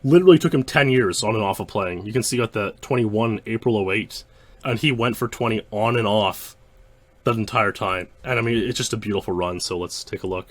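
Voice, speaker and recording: A young man narrates gameplay footage in an easygoing, rambling commentary style. He trips over himself, circles back and leans on fillers as he goes. His voice sits slightly low for a man. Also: fairly quick. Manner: loose and rambling, many fillers and restarts. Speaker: speedrun history host.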